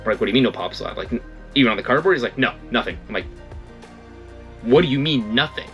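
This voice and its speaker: A man's voice: on the low side, very fast, muffled recording, faint music behind. A young man in casual storytelling, rambling and correcting himself, acting out what others said. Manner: rambling, self-correcting, animated quoting. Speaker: vlogger.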